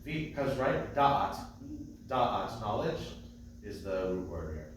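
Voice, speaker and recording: A male cantor teaching a class, explaining details patiently and chanting short phrases slowly. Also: lowish voice, very animated, a little hiss or hum. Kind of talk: class teaching with sung examples. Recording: echoey distant room mic.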